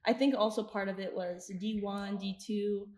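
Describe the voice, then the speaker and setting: A young woman in her twenties chats through her stories as a podcast guest. She acts out her own past lines and laughs often. Her voice sits at an ordinary pitch in an echoey room. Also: fairly even intonation, normal speed, darkish tone. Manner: chatty, retells scenes with quoted asides and frequent laughs. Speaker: podcast guest, soccer coach. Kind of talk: casual interview storytelling. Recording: roomy echo.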